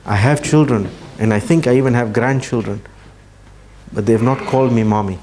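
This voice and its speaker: A man giving a religious talk, telling a story earnestly and slowing down for emphasis. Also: medium pitch, darkish tone, slight background noise. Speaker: Islamic speaker.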